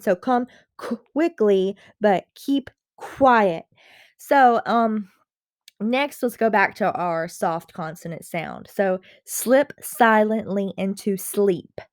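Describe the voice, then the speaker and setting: A woman's voice: medium pitch, a little mellow, no echo, clean studio sound. A woman teaching a recorded reading lesson. She explains patiently, repeats key points and often says um.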